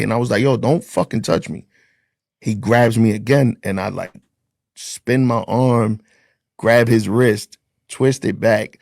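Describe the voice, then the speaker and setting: A man's voice: medium pitch, vocal fry, a little mellow, husky, no room sound, studio quality. A man, a former corrections officer, telling his story bluntly in casual, profane speech and acting out the dialogue.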